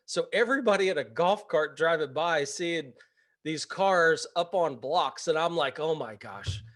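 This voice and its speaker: A man hosting a real estate webinar, telling a story in a casual, animated way and laughing as he goes. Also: on the high side, measured pace.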